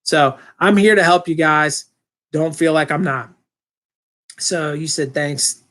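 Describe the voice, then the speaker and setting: A man's voice: fairly high pitch, takes it slowly. A man with a slightly raised voice talking on his own live stream. He reads comments aloud and chats back loosely, with plenty of ums and false starts. His speech is easygoing and unscripted. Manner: rambling, relaxed, with many fillers and restarts. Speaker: channel host answering live chat. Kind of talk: casual live-stream chat.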